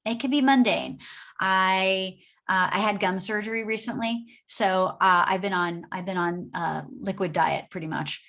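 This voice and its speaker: A woman's voice: medium pitch, a little slow, a bit bright. Upbeat woman giving a motivational business talk. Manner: upbeat, conversational, asks the audience "right?". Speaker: presenter. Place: home office.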